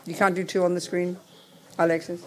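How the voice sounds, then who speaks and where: A woman from England runs a hybrid meeting-room session for live and remote attendees, speaking briskly in a lowish voice with little pitch movement. A faint hiss or hum can be heard. Her talk rambles and breaks off as she sorts things out.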